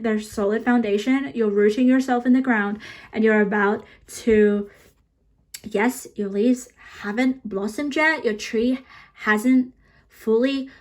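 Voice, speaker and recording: A young woman giving a pick-a-card tarot reading, excitable and emotional, rambling and checking in with the viewer. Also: a little high. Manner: excitable, emotional, rambling with frequent "okay?" and "honestly". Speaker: tarot reader.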